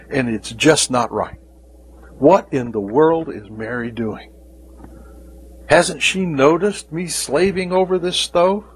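A man voicing a frustrated, overworked woman complaining that her sister leaves her all the work, his voice pushed higher in exasperation. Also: slight background noise. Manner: exasperated complaining, rising pitch.

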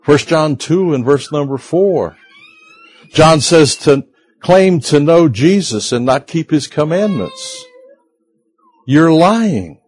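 A man preaching a sermon in a slow, earnest way, sometimes rising sharply in pitch and loudness for emphasis. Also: wildly swooping pitch. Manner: acts out quoted voices of listeners. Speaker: pastor.

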